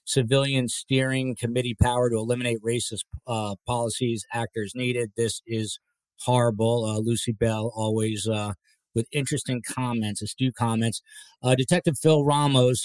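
A chatty man hosting a live podcast panel. He reads viewer comments aloud and drifts into casual asides. The recording is dry and close, with a pitch in the middle range. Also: little pitch movement, moderate pace, a little mellow, smooth, dry recording. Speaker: podcast host.

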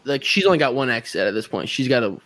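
A young man in his twenties, a guest musician on a podcast, telling an anecdote in a casual, animated way and acting out his own reactions. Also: mid-range voice, fast talker, dry recording. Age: 20s. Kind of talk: casual chat, storytelling.

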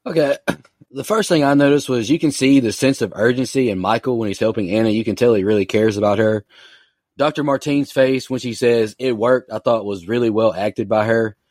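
Dry-sounding film podcaster. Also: male voice, medium pitch, a little fast, a little mellow, no room sound. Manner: reads through his notes point by point. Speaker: podcast co-host reviewing a film. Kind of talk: casual chat from notes.

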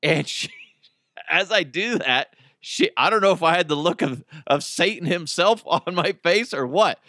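Bright-voiced, profane male podcast host. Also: on the high side, a little slow, dry recording, studio quality. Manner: animated and profane, voice jumping up in outbursts. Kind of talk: casual storytelling chat. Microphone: close studio microphone.

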